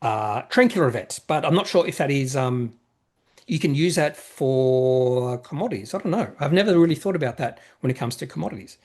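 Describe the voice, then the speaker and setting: A man with a medium-pitched, slightly mellow voice answers viewer questions on his investing channel at a brisk, expressive clip. His casual market talk meanders and self-corrects, with plenty of fillers.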